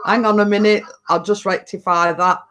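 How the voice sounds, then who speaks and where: A woman's voice: mid-range voice, fairly even intonation, moderate pace, a bit bright. Woman, stream host, casual chat, rambling, filler-heavy. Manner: rambling, lots of fillers and repeated phrases.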